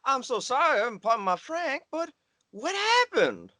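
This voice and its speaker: A man's voice: extremely high pitch, sing-song, moderate pace, sharp tone, no room sound, heavily acted. A man playing a rambling, gun-loving Southern job candidate in a comedy sketch, speaking with a Southern US accent and odd formal wording over a video call.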